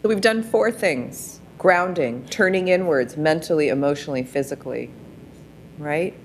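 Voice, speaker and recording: A woman's voice: deep voice, normal speed, slight background noise. A woman presenting a wellness workshop, coaching listeners through practices with frequent rhetorical questions. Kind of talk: guided practice talk.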